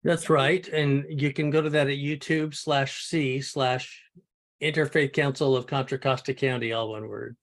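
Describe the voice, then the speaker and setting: A man's voice: medium pitch, fairly even intonation, moderate pace. A man who records the programs, giving plain information in casual chat on a video call.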